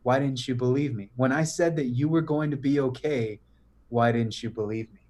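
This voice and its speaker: A man playing a gentle male savior figure in a retold tale. He speaks softly and steadily, in a quiet, reassuring tone. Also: mid-range voice, normal speed, close to an everyday voice.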